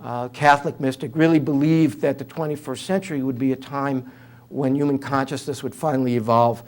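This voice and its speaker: An older man with a New York accent, in his seventies, talks through an interview with an easy, anecdotal humor and plenty of fillers. His voice sits at an ordinary middle pitch. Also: steady tone, a little fast, darkish tone. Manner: humorous storyteller, conversational with fillers. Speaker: author and guest speaker.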